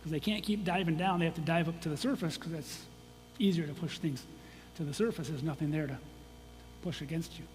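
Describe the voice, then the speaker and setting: A man's voice: a little high, fairly quick, darkish tone. A man from Michigan giving a casual, conversational presentation to an audience as a guest geologist, with frequent restarts and asides. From Michigan, USA. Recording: long hall reverb, faint hum.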